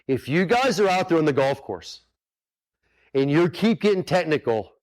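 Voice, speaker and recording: A man's voice: on the high side, very animated, moderate pace, pauses often. A man hosting a golf coaching webinar in a casual, earnest way, often turning straight to his listeners to check they follow him. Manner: earnest, repetitive, talks straight to the audience with many asides.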